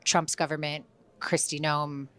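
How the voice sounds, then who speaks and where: A woman's voice: low-pitched, flat delivery, measured pace, a bit bright. A woman giving an interview as an actress, speaking in an earnest, emotional way. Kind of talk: interview statement.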